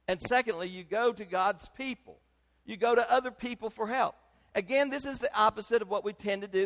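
An older man, preaching a sermon as pastor, emphatic and swinging between loud and soft. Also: on the high side, gravelly, long reverb tail.

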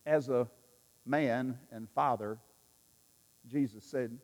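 Emphatic preacher in a reverberant church. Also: male voice, on the high side, expressive, a little slow, a little mellow. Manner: emphatic, repetitive, leads the audience in call-and-response. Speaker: pastor. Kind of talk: sermon. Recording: long reverb in a large hall.

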